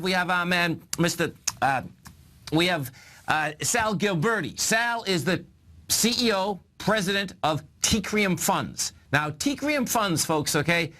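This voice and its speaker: Male financial TV host, high and bright, excitable and rambling, pitching to the viewers at home. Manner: excited, rambling, talks straight to viewers as "folks". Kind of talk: energetic market talk show hosting.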